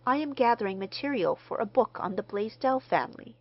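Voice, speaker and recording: A woman reading the part of a mild, courteous gentleman stranger who speaks formally. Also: on the high side, expressive, fairly quick, dull audio, pitched above the performer's own voice. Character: mild, polite middle-aged gentleman stranger.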